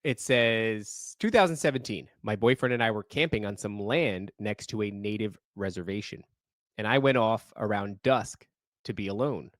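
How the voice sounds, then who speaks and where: A man co-hosting a podcast, reading listener stories in casual chat, animated and profane, often laughing while he reads. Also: lowish voice, moderate pace, no echo, studio quality.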